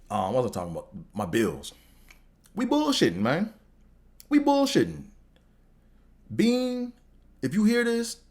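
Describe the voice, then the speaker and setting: A man hosting a podcast, talking casually and animatedly about sports with slang, swearing and rambling restarts. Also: on the low side. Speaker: podcast host.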